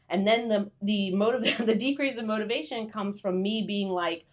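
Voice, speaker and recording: A woman's voice: mid-range voice, moderate pace, hardly any pauses. A woman hosting a casual live stream for freelance writers, chatty and full of fillers, greeting viewers by name and acting out her inner voice.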